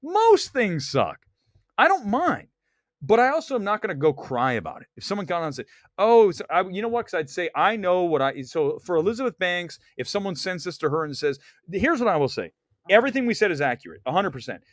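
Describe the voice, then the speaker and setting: A man's voice: high-pitched, very animated, brisk, no room sound, studio quality. Blunt, rambling man hosting a live stream. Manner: blunt, opinionated, rambling with restarts. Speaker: livestream host. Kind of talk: animated live-stream chat.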